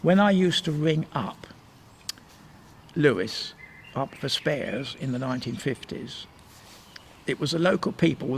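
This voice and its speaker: A man's voice: a little high, expressive, unhurried, gravelly, pauses often, slight background noise. An older man from Sussex, England, reminiscing in a casual interview in a rambling, anecdotal way. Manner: rambling anecdotal storyteller, meandering with restarts.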